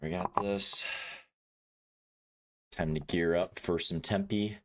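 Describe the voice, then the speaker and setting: A man's voice: low voice, steady tone, slow, a bit bright. A man casually chatting with viewers during a gameplay livestream, swearing freely, laughing and greeting chat by name.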